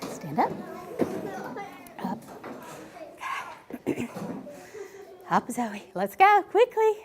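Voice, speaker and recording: Woman, first grade teacher, unhurried, sounds out letters with care and coaxes the class. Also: a little high, huge pitch swings, heavy background noise. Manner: sounds out letters slowly and clearly, coaxing. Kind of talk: classroom teaching and interview commentary. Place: elementary classroom.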